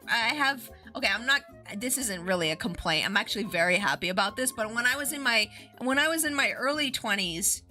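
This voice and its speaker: Woman streamer, casual stream chat, high bright voice, giggly and rambling, faint music behind. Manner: giggly, rambling, lots of fillers. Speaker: VTuber streamer.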